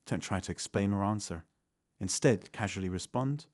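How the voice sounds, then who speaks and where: A man giving calm, measured self-help advice in scripted narration. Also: lowish voice, no room sound, studio quality. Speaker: channel narrator.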